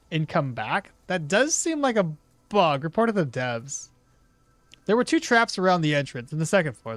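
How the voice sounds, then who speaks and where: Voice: medium pitch, fairly bright tone, no echo. A gameplay streamer giving casual commentary, chatting with viewers, reading out chat and laughing at their own jokes.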